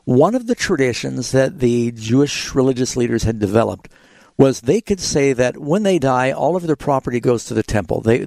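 Gravelly-voiced man hosting call-in Bible radio. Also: medium pitch, dark tone, dry recording. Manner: patient, explanatory, frequent fillers. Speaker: radio Bible program host.

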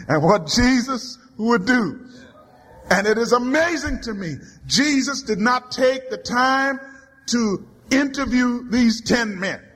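A male pastor with a strikingly high voice delivers a sermon slowly and deliberately, stacking repeated refrains that rise into shouted climaxes. His words ring out with a long reverb, as in a large church sanctuary. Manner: rhythmic preaching with repeated refrains, rising to shouts.

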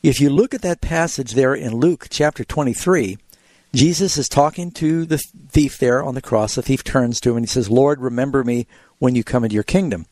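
A man's voice: mid-range voice, fairly quick, a little mellow, no room sound. Man hosting a Bible call-in show. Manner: explanatory, tells illustrative stories. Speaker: radio call-in show host and pastor. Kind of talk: radio Bible question call-in.

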